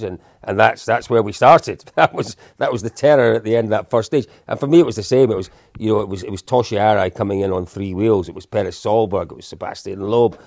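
A man's voice: fairly low pitch, a little fast, vocal fry, hardly any pauses, a little mellow, no room sound, studio quality. A man in his fifties, a guest telling casual stories in a chatty, self-deprecating way with lots of restarts. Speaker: interview guest. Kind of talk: casual storytelling.

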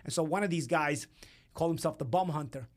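A man with a high-pitched voice is a podcast guest in loose, casual chat. He talks in an animated, rambling way and often breaks into laughter as he goes. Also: quick pace. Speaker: podcast guest, boxing broadcaster.

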